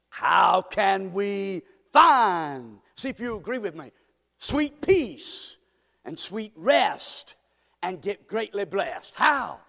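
A man preaching a fervent sermon, rising to shouts and leading his congregation in call-and-response. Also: high-pitched, long reverb tail. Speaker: pastor.

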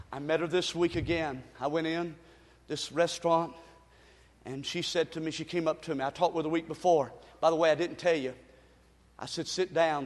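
A man preaching as a pastor, swinging from shouted exhortation to soft, hushed storytelling. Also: fairly high pitch. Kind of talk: sermon. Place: church sanctuary. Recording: long reverb of a large hall.

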